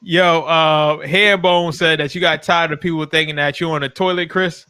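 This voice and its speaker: Hosting a laid-back sports podcast, this man speaks in loose slang with a bright, forceful voice slightly higher than typical for a man. His tone is steady and clean, his pace moderate, and the recording sounds dry and close, with no room around it.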